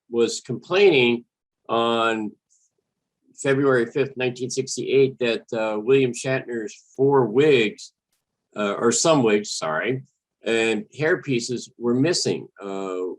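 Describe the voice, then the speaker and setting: A man's voice: mid-range voice, low-quality recording. A man hosting a solo podcast, talking casually and hesitantly, with many fillers and self-corrections. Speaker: podcast host.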